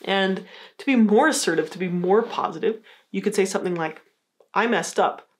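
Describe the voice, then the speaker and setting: A woman psychologist giving a calm, encouraging educational talk, acting out example phrases in a lighter voice. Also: mid-range voice, brisk. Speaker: psychologist teaching a course. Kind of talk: scripted educational explainer.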